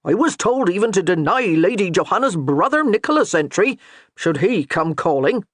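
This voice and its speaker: A man's voice: high voice, very animated, normal speed, a bit bright, no echo, studio quality, exaggerated voice. A man voicing a harried but patient castle steward in a medieval audiobook. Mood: earnest. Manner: earnest, strained patience.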